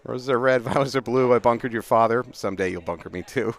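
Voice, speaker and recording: A middle-aged man, casually telling animated paintball stories as a livestream commentator outdoors. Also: mid-range voice, fast talker. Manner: animated, laughing storyteller.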